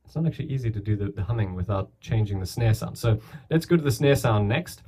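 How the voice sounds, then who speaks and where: A young man with a slightly husky voice talks a viewer through beatbox sounds into his camera mic. He is relaxed and chatty, and his explanations wander and restart as he goes. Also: fairly low pitch, quick pace, hardly any pauses, soft background music. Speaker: beatbox teacher. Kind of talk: casual tutorial. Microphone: camera mic, filming himself.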